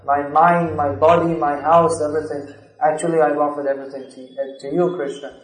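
A man's voice: fairly high pitch, little pitch movement, brisk, echoey room, poor audio. A man giving a scripture class lecture, speaking earnestly and building to emphatic stress, with verses recited in a chanting cadence. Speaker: spiritual lecturer.

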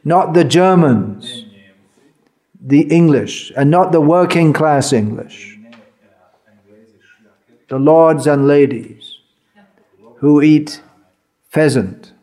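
Using everyday examples to illustrate his points, this man speaks as a spiritual teacher in a relaxed lecture to an audience, slow, chatty and dryly funny. His voice sits fairly high and sounds mellow.

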